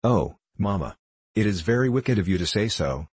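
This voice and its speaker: A man reading the part of a spirited, innocent young gentlewoman in an audiobook. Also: lowish voice, expressive, moderate pace, husky, dry recording. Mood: earnest. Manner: earnest, protesting.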